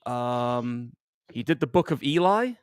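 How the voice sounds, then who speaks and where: Laid-back male co-host from England; mid-pitched, chuckling, casual swearing, dry sound. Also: expressive, unhurried, clear, resonant tone, no room sound. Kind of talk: casual live movie commentary.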